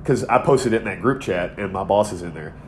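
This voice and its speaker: A man's voice: deep voice, animated, brisk, slight background noise. A man in his thirties co-hosting a podcast, telling a long, rambling, profane story in casual chat. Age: 30s. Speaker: podcast co-host.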